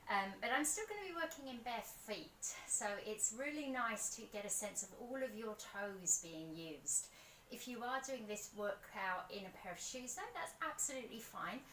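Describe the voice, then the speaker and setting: Outdoors, a pilates instructor counts reps and encourages gently in a bright, slightly high voice. The recording sounds distant and roomy, with faint ambience behind her and a bit of hiss or hum.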